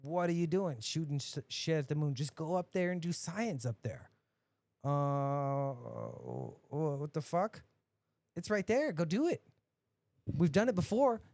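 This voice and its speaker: A podcast host, a man, ranting casually and profanely, dropping to mutters and then bursting out loud. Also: a little high, lively intonation, measured pace, dry recording. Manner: profane, ranting, swings between mutters and outbursts.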